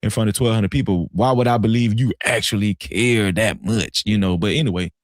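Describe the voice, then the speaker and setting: A man hosting a live stream, telling a story in a casual, animated and profane way. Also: lowish voice, fairly quick, slight background noise. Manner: animated, profane, dramatic retelling.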